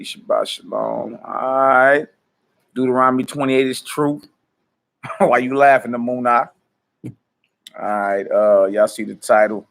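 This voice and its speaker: A man hosts a relaxed ministry livestream, calling out viewers by name and hyping them up. He laughs easily and talks loosely in a mid-pitched voice. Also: vocal fry. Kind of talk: casual livestream chat before prayer.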